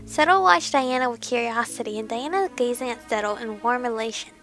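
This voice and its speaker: A young woman with a high, bright voice reads a romance game's story aloud, breaking in to gush over the scenes. She sounds giggly and emotional, with quiet game music in the background. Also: animated, a little fast. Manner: gushing, giggly, emotional reactions. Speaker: let's play host. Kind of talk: reading a visual novel aloud with reactions.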